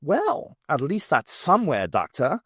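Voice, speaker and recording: A spirited young woman with a wry, teasing edge, as a male audiobook reader puts her on, her questions lifting high and swinging lively. The reading is close and dry, with no room around it. She sounds plucky and quick to needle. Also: breathy edge, dry recording, full character voice. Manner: quizzical, teasing questions in a raised voice. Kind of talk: audiobook character voice.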